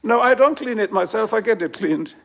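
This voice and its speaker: A man's voice: sits high, animated, fairly quick, creaky. A man from Germany ranting on a live stream, swearing and complaining in an exaggerated way. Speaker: livestreamer. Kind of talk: casual live stream rant. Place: at home by his garage.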